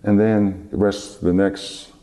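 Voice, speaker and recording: Middle-aged man, very low and mellow voice, relaxed anecdotal interview guest. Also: slow. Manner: relaxed, rambling storyteller who acts out quoted dialogue. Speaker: guest, former basketball player. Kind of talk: storytelling in an interview.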